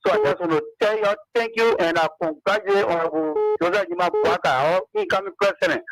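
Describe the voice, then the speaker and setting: A man's voice: high-pitched, quick pace, over loud music, rough recording. A man calling in to thank a radio show. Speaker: radio caller.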